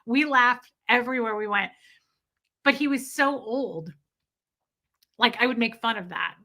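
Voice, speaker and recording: A woman in her thirties casually telling stories to her viewers, animated and candid, swearing now and then. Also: a little high, measured pace. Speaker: vlogger.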